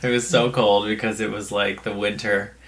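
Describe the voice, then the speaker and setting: Male podcast guest, low gravelly voice, bright tone, casual rambling storyteller. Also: flat delivery, moderate pace. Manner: rambling anecdotes full of filler words.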